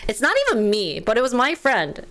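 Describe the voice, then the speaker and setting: A woman's voice: on the high side, very animated, a little fast, a bit bright, soft background music. A woman hosting a talk show, telling a story casually with lots of fillers and acted-out quotes. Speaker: host.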